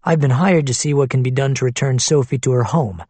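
A man's voice: medium pitch, a little fast, darkish tone, breathy edge, dry recording, lightly acted. A man voicing a polite, direct young male investigator in an audiobook.

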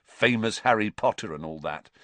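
A man voicing a cheeky, joking teenage boy who talks in quick, teasing, excitable bursts. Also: on the low side, no room sound.

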